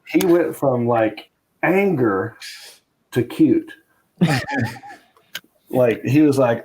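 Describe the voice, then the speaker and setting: A man's voice: mid-range voice, animated, very slow, pauses often, darkish tone, a little hiss or hum. A man, a stand-up comedian, telling stories casually as a podcast guest and often laughing. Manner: laid-back, laughs at his own stories. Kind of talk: casual storytelling interview.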